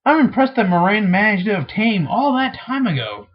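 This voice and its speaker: A man reading the lines of a tired, earnest young woman healer in a dull, lo-fi recording, with a husky voice. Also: high-pitched, big pitch swings, moderate pace, voice pushed up. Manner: weary, earnest.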